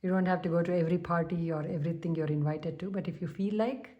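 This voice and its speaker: A woman giving a spiritual tarot reading, calm and unhurried, pausing with soft hums. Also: on the low side, highs cut off. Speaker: tarot reader.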